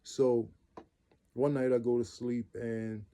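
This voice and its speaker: A man's voice: mid-range voice, level tone, slow, warm tone, smooth. A man telling his own life story in a casual, earnest way, repeating phrases for emphasis. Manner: loose everyday speech with restarts.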